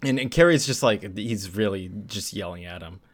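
A man's voice: fairly low pitch, animated, moderate pace. A man co-hosting a podcast, retelling a comic's plot in a laid-back storytelling way and laughing often. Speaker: podcast co-host. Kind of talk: casual comic book recap chat.

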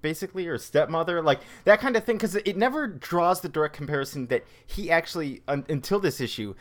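A man's voice: on the high side, expressive, brisk, fairly bright tone. Rambling man in casual chat. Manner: rambling, many fillers and restarts. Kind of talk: casual comic book discussion.

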